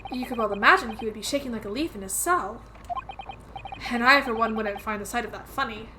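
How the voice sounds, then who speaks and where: A woman's voice: fairly high pitch, fairly quick, background noise, lightly acted. A woman reading a courteous, reassuring young female assistant in a video game.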